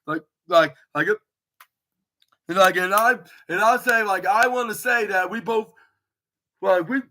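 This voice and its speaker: A man's voice: high-pitched, a little slow, pushed and bright, a little hiss or hum. A young man hosting a casual solo podcast recap, rambling with many restarts and filler words. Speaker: podcast host.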